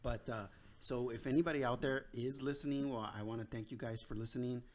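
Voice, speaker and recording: Casual male podcast host, halting. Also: mid-range voice, steady tone. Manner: halting, with restarts and fillers. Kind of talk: casual chat.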